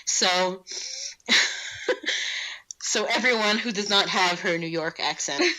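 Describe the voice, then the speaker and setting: A woman's voice: medium pitch, slow, bright, forceful tone, poor audio. A woman co-hosting a podcast in casual chat, rambling, using lots of "like," and laughing often. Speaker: podcast co-host.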